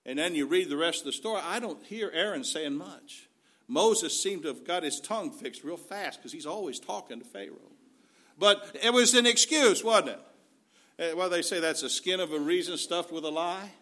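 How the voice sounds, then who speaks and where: A man's voice: a little high, lively intonation, a little fast, a bit bright. A man preaching a sermon in an earnest, folksy way, weaving in scripture.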